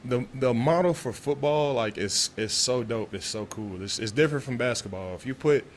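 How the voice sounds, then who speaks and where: A man's voice: medium pitch, moderate pace, slight background noise. A man from Texas, a pro football player answering press questions in a loose, laid-back way with many restarts.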